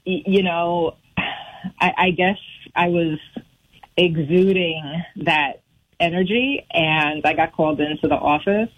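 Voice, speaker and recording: A woman calling in to a radio show by phone, speaking in a laid-back, hesitant way with halting restarts. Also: lowish voice, dull audio. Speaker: caller. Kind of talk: phone-in chat.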